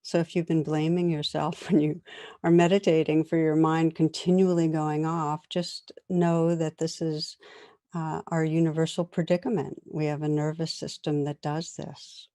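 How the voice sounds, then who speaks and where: A middle-aged woman meditation teacher giving a conversational dharma talk to a class, with gentle laughs as she tells stories. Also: low voice, flat delivery, moderate pace, no echo, studio quality.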